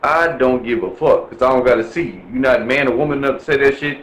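A man's voice: medium pitch, quick pace, a bit bright, echoey room, rough recording. A man from Milwaukee talking bluntly and profanely in a casual chat, ranting with lots of swearing. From Milwaukee, USA.

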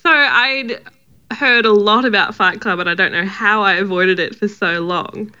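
A woman with a bright, forward voice chats easily about her views. Her sound is muffled and lo-fi, as if her mic is a weaker one. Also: mid-range voice, normal speed, clear, resonant tone. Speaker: podcast guest. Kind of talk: casual chat.

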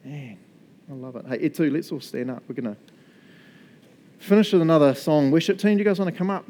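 Male pastor, relaxed chatty sermon, fairly high, very animated delivery. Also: brisk, long pauses. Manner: casual, chatty, laughs often.

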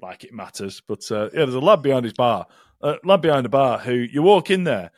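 A man's voice: mid-range voice, expressive, fairly quick, no echo, clean studio sound. A British man co-hosting a podcast, chatting casually with blunt, sweary banter. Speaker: podcast co-host. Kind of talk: casual chat.

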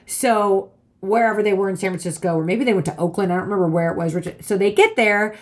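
A woman of middle pitch, talking as a guest in a relaxed chat. She tells long, winding stories with plenty of asides and slips into the voices of the people she is quoting. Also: quick pace. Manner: rambling, animated, acts out voices in anecdotes. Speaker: podcast guest. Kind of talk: casual storytelling.

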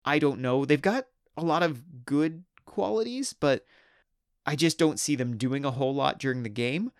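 A man's voice: mid-range voice, animated, normal speed, clean tone, dry recording, clean studio sound. A man hosting a hobby history video, narrating in an enthusiastic, conversational way. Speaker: host.

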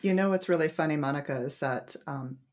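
A woman's voice: low-pitched, fairly quick, a little mellow. A woman author, a guest on the show, telling a casual anecdote in a chatty way with frequent ums and laughs. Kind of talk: casual storytelling in interview.

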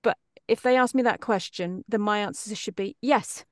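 Middle-aged actress guest, rambling and self-deprecating, dry close sound. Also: female voice, medium pitch, brisk, a little mellow, no room sound. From Britain. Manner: chatty, self-deprecating, many restarts. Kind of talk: casual interview chat.

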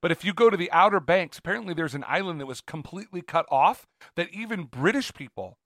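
Brief: male podcast co-host, a touch high-pitched, excitable and rambling, dry close mic. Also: fast, no room sound. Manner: enthusiastic, rambling with restarts. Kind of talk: casual podcast chat.

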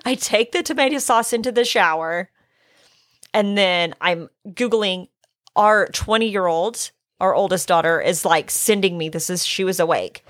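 A middle-aged woman, hoarse from illness, telling a story in casual chat, acting out her own quotes and swearing. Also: medium pitch, measured pace, fairly bright tone, dry recording, clean studio sound.

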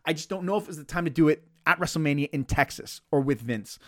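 A man hosting a casual podcast, reading listener mail and chatting in an animated, profane way, often laughing mid-sentence. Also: on the high side, quick pace, no echo, studio quality. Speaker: podcast host.

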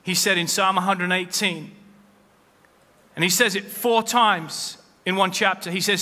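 A man's voice: high voice, fairly even intonation, unhurried, pushed and bright. A man preaching a sermon as pastor, with rising emphasis as he quotes scripture. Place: church. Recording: long hall reverb.

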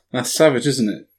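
A man's voice: a little high, breathy edge. A man casually chatting about a tabletop wargame, eager and often repeating himself.

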